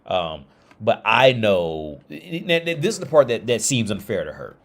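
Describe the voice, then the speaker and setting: Low-voiced male streamer, rambling and lively in a loose monologue. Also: measured pace. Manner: rambling with many restarts and "like"s. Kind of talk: casual livestream monologue.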